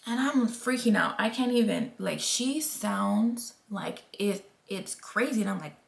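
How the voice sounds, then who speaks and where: A woman's voice: mid-range voice, expressive, unhurried, gravelly. A woman in her thirties telling a personal story to camera in a casual, emphatic way. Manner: candid and emphatic, acts out quoted voices. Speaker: vlogger.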